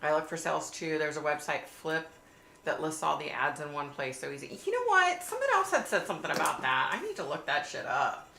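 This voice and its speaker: Hosting a casual livestream from an echoey room with faint hiss, a woman chats and reads viewers' comments out loud. Her voice is deep, gravelly, and sharp, with big pitch swings and a slightly fast pace.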